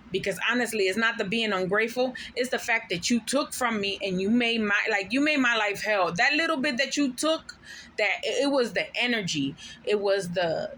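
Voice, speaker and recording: Bright, forceful woman venting a story. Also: mid-range voice, slight background noise. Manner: profane, emphatic, venting; drops Spanish slang words. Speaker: vlogger telling a personal story; mother of five. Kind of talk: casual storytelling to camera.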